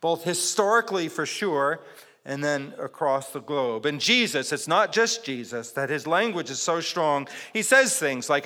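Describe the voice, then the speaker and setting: A man's voice: fairly high pitch, sharp tone, big-room sound. A man preaching a sermon as pastor, emphatic and repetitive, praying and reading scripture in a church. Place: church sanctuary.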